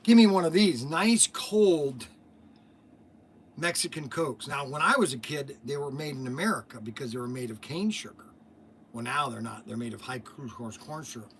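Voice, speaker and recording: A man's voice: mid-range voice, a little fast, sharp tone, a little hiss or hum. A man hosting a store livestream, telling casual stories in a rambling way, repeating himself and laughing at his own tales. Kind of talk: casual storytelling.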